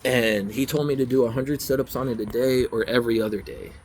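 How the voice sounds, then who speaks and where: A man's voice: medium pitch, fairly even intonation, brisk, a little mellow, slight background noise. A man casually telling his own story outdoors, rambling and repeating key phrases over and over. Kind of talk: casual first-person storytelling.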